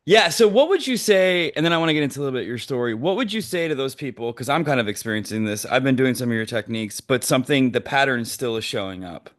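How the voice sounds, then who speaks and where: Male podcast host, mid-pitched voice, jokey and loose. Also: expressive, quick pace, few pauses. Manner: joking, laughs easily. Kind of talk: casual podcast interviewing.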